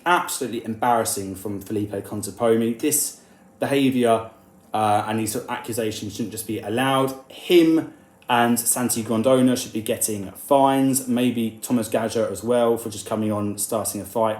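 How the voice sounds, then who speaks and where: A man talking through a sports controversy in an indignant, animated way, now and then slipping into mocking voices when he quotes others. His voice sits at a middling pitch. The sound bounces around an echoey room. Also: normal speed. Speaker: rugby news commentator. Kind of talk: opinionated commentary video.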